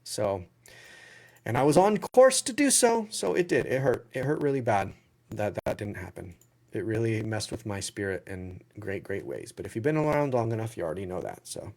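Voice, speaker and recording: A man's voice: lowish voice, very animated, brisk, creaky, a little mellow. A man hosting a casual livestream Q&A, reading out viewer questions and answering them bluntly as he thinks aloud. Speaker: livestream Q&A host.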